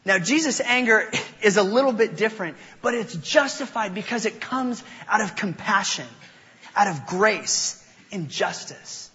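A man's voice: sits high, animated, bright, forceful tone. A young man preaching a sermon, mixing scripture teaching with playful, self-mocking stories from his childhood. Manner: playful, self-mocking storyteller with quick voice changes. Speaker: pastor. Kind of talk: sermon with personal storytelling. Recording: dull sound in a reverberant hall.

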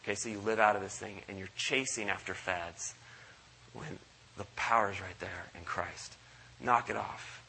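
A man preaching a sermon at a church service, animated and acting out quoted voices. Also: normal speed, creaky, slight background noise, poor audio. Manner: animated, acts out quoted voices with big pitch jumps. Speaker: pastor.

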